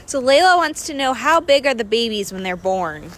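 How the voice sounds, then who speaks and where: A woman's voice: fairly high pitch, big pitch swings, moderate pace. A woman moderating a live stream, reading out viewer questions in an upbeat way.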